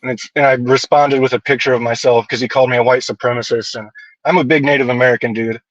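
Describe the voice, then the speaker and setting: A man who is a guest on a casual podcast, telling stories in a blunt, profane, animated way. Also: mid-range voice, quick pace, no echo, lo-fi sound.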